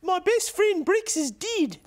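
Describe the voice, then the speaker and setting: A whiny, squeaky drama student. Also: female voice, big pitch swings, slow, dry recording, exaggerated voice. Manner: whiny, melodramatic.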